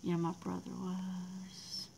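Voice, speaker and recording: Gravelly-voiced Texan woman chatting. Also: on the low side, completely flat delivery, slow pace, warm tone, slight background noise, rough recording. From Texas. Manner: rambling and chatty, laughs often, reads chat aloud. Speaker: livestream artist. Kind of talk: casual chat with viewers.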